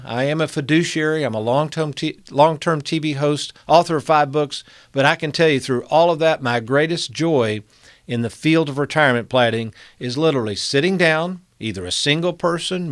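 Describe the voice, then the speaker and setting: Middle-aged male TV host, earnest sales pitch, dry close sound. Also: fairly bright tone, no room sound. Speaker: financial TV show host. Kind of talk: direct-to-camera talk.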